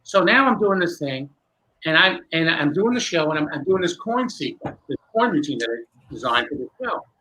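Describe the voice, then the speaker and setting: A man, a magician guest, telling a long animated story with many restarts in a candid interview. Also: on the high side, normal speed, rough recording.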